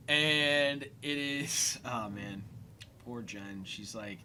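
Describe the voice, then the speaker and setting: A man's voice: mid-range voice, fairly even intonation, takes it slowly, pushed and bright, a little hiss or hum. A man hosting a casual commentary podcast, retelling an episode with lots of fillers and quoted lines. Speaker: podcast host.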